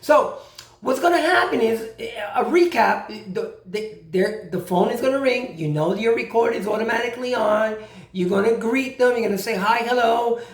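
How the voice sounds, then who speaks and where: A man giving a casual how-to talk as a credit repair advisor, animated and repeating key points, acting out both sides of phone calls. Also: very high-pitched. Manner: repeats himself for emphasis. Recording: roomy echo.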